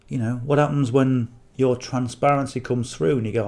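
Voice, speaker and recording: With hardly any pauses, a middle-aged man with a northern English accent delivers rambling affiliate marketing coaching to camera, sprinkling in "okay?" and "you know." His voice is medium-pitched, gravelly, and darkish, with fairly even intonation at a moderate pace.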